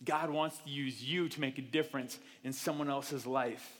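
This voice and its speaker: A man preaching a sermon in an animated, self-deprecating way, acting out the voices he quotes, in a church auditorium. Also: mid-range voice, moderate pace. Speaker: pastor. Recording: reverberant hall.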